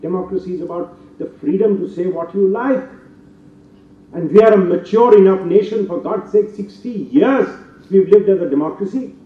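Older Indian man lecturing in an echoey hall. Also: on the high side. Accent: Indian English. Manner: emphatic, building to forceful rhetorical peaks. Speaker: guest lecturer. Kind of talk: formal public lecture. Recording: distant, roomy, dull hall recording.

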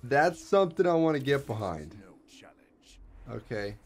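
Animated young man commentating his gameplay. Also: unhurried, soft background music. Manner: hyped, slangy, jumps into high squeals when excited. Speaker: gaming streamer.

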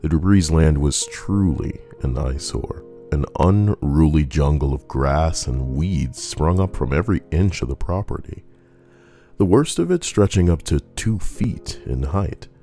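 Very deep-voiced male horror narrator. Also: lively intonation, a little slow, dark tone, soft background music. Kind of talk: scripted horror story narration.

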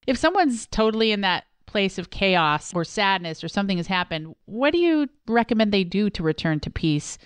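Upbeat woman podcast host, smooth voice. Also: medium pitch, very animated, moderate pace, few pauses, no echo. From Wisconsin. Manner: enthusiastic, upbeat. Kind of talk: podcast interview.

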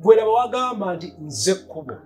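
High-voiced male sermon interpreter. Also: animated, darkish tone, slightly rough, faint music behind. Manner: echoes each phrase briskly.

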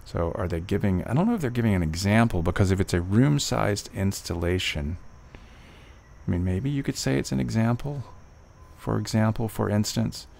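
Low, gravelly man tutoring test prep, reasoning aloud through questions on a screen-share. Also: a little mellow, a little hiss or hum. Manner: thinks aloud, reads passages slowly then reasons with fillers.

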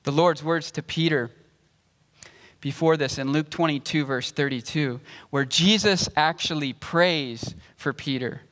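A slow, measured preaching man in a reverberant hall. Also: on the high side, a bit bright. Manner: measured, explanatory preaching, reading scripture aloud. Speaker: pastor. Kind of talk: sermon. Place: church sanctuary.

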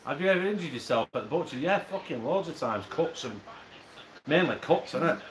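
This chatty livestream host, with his Oldham accent, keeps up sweary, joking banter in a brisk, high-ish voice full of lively intonation. The sound is echoey and roomy, with noise in the background.

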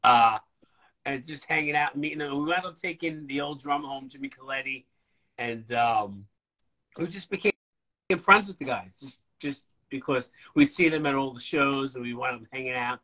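A man, a band's bass player, telling stories in a casual, rambling, profane way during an interview. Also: normal speed, rough recording. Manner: profane, rambling, animated storytelling.

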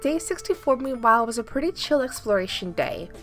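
Bright, upbeat young woman narrating gameplay. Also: a little high, big pitch swings, a little fast. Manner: upbeat, playful. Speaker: gaming YouTuber. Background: faint background music.

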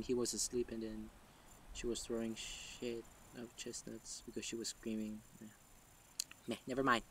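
A man's voice: medium pitch, a little hiss or hum, rough recording. A man narrating a story casually, rambling and thinking aloud with fillers as he reads. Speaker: story narrator and channel host.

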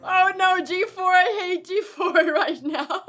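A young woman streaming chess, commentating her own games with excitable exclamations and frequent laughter. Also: very high-pitched, slow pace, soft background music.

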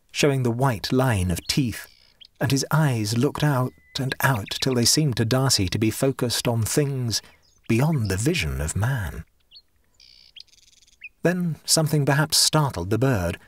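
Husky male narrator reading a ghost story. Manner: measured, expressive reading that drops low for speech tags. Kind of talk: audiobook narration.

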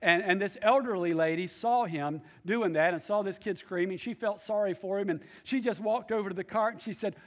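A man's voice: sits high, fairly quick, few pauses. A male pastor preaching a sermon, emphatic, repeating key phrases and calling out to the congregation.

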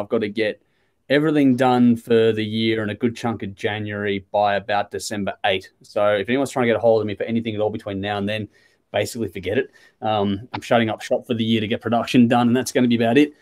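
A man's voice: mid-range voice, a little mellow. An Australian man hosting a live music chat stream, talking casually and rambling with lots of ums. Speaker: host.

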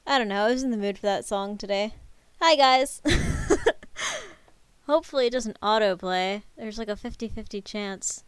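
A woman streaming live, chatting casually with her viewers and a friend, excitable and quick to laugh. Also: on the high side, clear, resonant tone, dry recording. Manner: giggly, excitable, talks to chat.

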